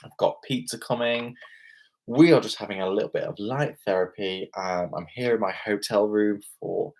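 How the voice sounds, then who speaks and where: A man's voice: fairly low pitch, moderate pace, creaky, darkish tone. A young British man, tipsy from beer, rambling and exclaiming as he chats on a live stream from a hotel room. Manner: rambling, exclamatory, self-mocking. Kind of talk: casual live-stream chat.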